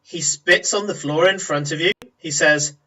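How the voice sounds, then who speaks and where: A male game master narrating a tabletop session in a bright, fairly high voice. He describes scenes at length, pausing to search for words. He sits a bit away from the mic. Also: far from the mic, low-quality recording. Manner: descriptive, with fillers and restarts.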